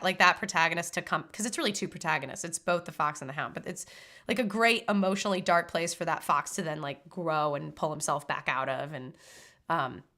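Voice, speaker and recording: A woman's voice: fairly low pitch, sharp tone. A woman streamer chatting casually about movies in a loose, slangy way, full of "like" and "dude" and casual swearing. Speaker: live streamer ranking movies. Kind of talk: casual live-stream chat.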